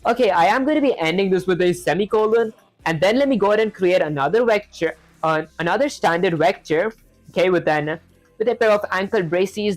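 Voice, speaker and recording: A woman's voice: lowish voice, darkish tone, no echo, poor audio. A woman streaming herself learning to code, talking through each step in a chatty way and answering viewers' comments, with a non-standard English accent. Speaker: programming streamer. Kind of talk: live coding stream, thinking aloud.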